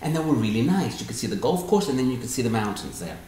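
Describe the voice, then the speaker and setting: Guy telling stories to a group, does the voices of people in them, bouncy up and down pitch, echoey. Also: fast talker, a little hiss or hum. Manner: animated, acts out quoted dialogue. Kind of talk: storytelling talk answering questions. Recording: echoey room.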